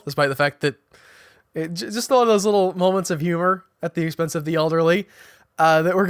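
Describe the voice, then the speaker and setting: A podcast host with a fairly high, clear, resonant voice gives a loose, chatty recap of a TV episode. He often stumbles and restarts sentences while paraphrasing the characters' lines. The sound is close and dry, without any room echo.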